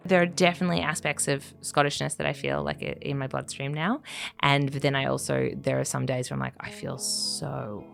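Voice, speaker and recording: A woman's voice: rumbling low, flat delivery, brisk, vocal fry, a bit bright, soft background music. An Australian woman, a writer, talking in a reflective, conversational way, full of fillers and restarts and frequent small laughs. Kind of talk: reflective casual interview talk. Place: living in Scotland.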